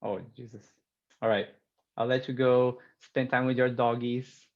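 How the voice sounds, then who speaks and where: A man hosting a casual video call chat, laughing often and throwing in quick asides. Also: medium pitch, flat delivery, narrow, tinny audio. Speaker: host.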